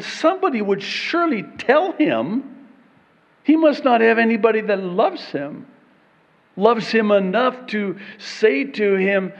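A high-voiced man delivers a lively sermon. His voice hangs in a long hall reverb and sounds a bit dull and muffled. He acts out little back-and-forth exchanges and laughs between points. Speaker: pastor.

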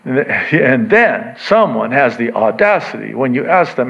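A man preaches to his congregation in a loose, conversational way, his voice leaping high whenever he acts out what people say. He stops for asides and then comes back to his point. The recording sounds dull and lo-fi. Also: unhurried, vocal fry, few pauses, breathy edge. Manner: animated, acts out quoted voices with sudden pitch jumps; conversational, self-interrupting with asides. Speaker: pastor. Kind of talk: sermon.

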